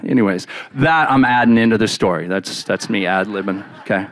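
A man preaching by retelling a Bible story in the first person, in an animated, casual way with many fillers. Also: medium pitch, fast, few pauses.

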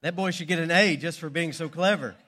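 Male pastor, sermon, storytelling with dramatic pauses, fairly high pitch. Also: sharp tone.

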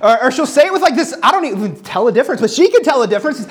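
A pastor in their thirties delivers an earnest sermon at a mid-range pitch. The voice rises and falls a lot, and they repeat words for emphasis while reading scripture aloud between personal stories. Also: expressive, fast, few pauses.

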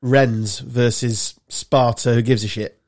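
A man's voice: medium pitch, fairly even intonation, darkish tone. A man, co-hosting a casual podcast chat with banter and blunt asides. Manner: banterish, swearing, quick asides. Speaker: podcast co-host.

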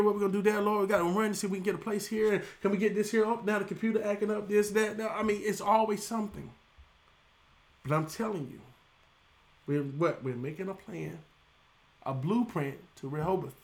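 A middle-aged pastor, preaching with a voice that sits high for a man. He keeps his sermon lively and loose, throwing call-and-response questions back at the congregation.

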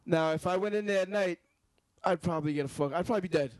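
A young man with a New York accent, telling stories in a loose, rambling, profane way. His voice is a bit high for a man. The sound is dry, with no room echo at all. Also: fast talker. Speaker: podcast co-host. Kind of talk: casual chat.

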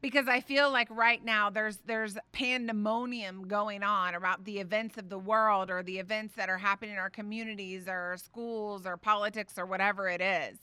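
A woman, hosting a faith podcast and telling a family story in a chatty, animated way full of fillers. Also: mid-range voice, moderate pace, hardly any pauses, smooth, no room sound. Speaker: podcast host.

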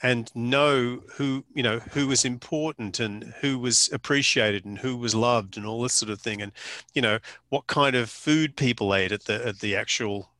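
A man's voice: mid-range voice, moderate pace, sharp tone, no room sound. An Australian man and photographer, telling colourful anecdotes in a casual interview, using slang and the odd swear word. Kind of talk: storytelling interview chat.

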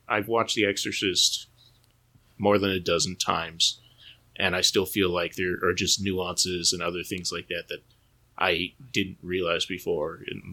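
Husky, gravelly low-voiced man chatting. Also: sharp tone. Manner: rambling, self-interrupting, laughs often. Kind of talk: casual chat.

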